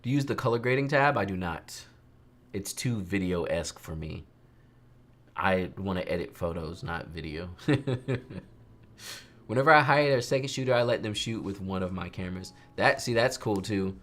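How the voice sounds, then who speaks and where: A young man, a photographer, chatting casually on a livestream while he edits photos and teaches, in an animated, ranting way, often mimicking other people. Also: sits low, moderate pace.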